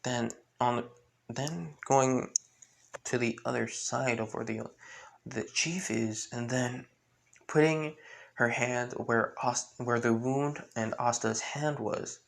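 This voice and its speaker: With vocal fry and a slow pace, a medium-pitched man spins improvised fan fiction. As a fan storyteller, he rambles on, frequently restarting and piling up with-clauses.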